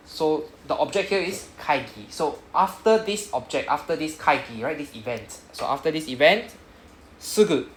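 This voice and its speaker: A man's voice: a little high, lively intonation, normal speed, a bit bright. Singaporean man teaching, echoey room. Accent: Singaporean English. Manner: says "right?" after nearly every sentence, coaching students. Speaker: Japanese language teacher. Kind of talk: classroom lesson explaining grammar. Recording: echoey classroom with background noise.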